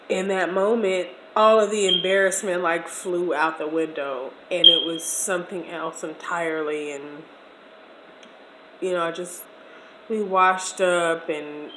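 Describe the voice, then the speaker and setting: A woman in her forties telling a personal story in a chatty, slangy, expressive way during a casual meal video. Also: fairly low pitch, a little hiss or hum. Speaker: vlogger. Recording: echoey room.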